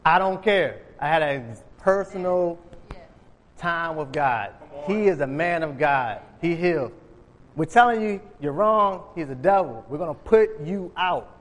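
A man's voice: a little high, moderate pace. A man preaching an informal sermon, retelling Bible stories in casual, conversational speech and acting out the characters. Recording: long hall reverb.

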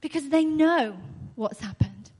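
High-voiced woman preaching in a reverberant hall. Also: lively intonation, a little slow, a little mellow. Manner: earnest, repeats key phrases, laughs often. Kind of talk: sermon.

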